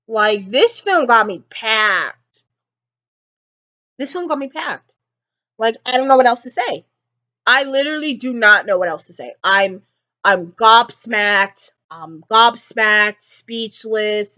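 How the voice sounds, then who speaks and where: A woman's voice: high voice, fairly bright tone, dull audio. A woman vlogger rambling emotionally about a film she just saw, repeating herself often. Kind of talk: casual movie reaction ramble.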